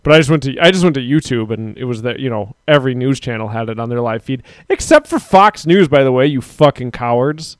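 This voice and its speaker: Co-hosting a laid-back streamed podcast, a man in his thirties rambles, laughs frequently, and swears offhandedly. He talks a little fast with few pauses, in a clean mid-range voice with lively intonation, and the audio is dry.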